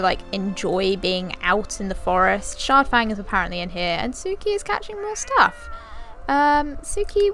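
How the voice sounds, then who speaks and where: A young woman with a slightly high voice chats her way through casual gameplay commentary. She speaks straight to her characters and wanders with fillers and restarts. Soft music plays faintly in the background. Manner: chatty, talks directly to her game characters; rambling with frequent fillers and restarts. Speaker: gaming video creator.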